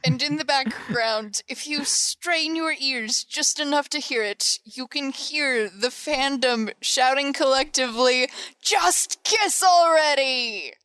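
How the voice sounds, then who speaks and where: A woman co-hosting a review podcast, her slightly high voice smooth and clear. She talks slowly and takes her time, with wry asides. The sound is dry and close to the mic. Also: bright, forceful tone, no room sound. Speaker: podcast co-host. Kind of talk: casual anime review chat.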